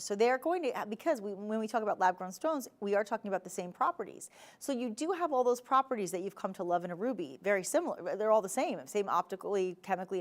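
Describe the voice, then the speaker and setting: A woman with a New Jersey accent hosting a live TV shopping show, chatty, playful and emphatic as she pitches jewelry in a studio. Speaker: shopping channel host.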